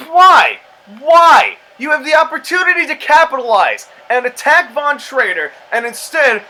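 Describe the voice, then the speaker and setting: A man with a high voice calls a video game match in a loose, rambling way. His tone is bright and tense, full of sarcastic asides and exasperated complaints. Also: a little hiss or hum, poor audio. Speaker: commentator and show host. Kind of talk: casual play-by-play commentary over a video game match.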